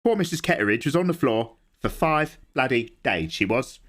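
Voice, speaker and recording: A man doing an impression of a gruff, fatherly older butler with a low, chiding drawl. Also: expressive, normal speed, fairly bright tone. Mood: gossipy.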